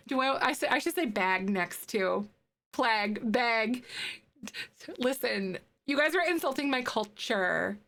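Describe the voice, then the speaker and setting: A woman from northern Wisconsin, with a Midwestern accent, chats casually with her live-stream viewers while she builds, laughing often. Her voice is fairly high and creaky, with a sharp tone, and her delivery is animated but unhurried.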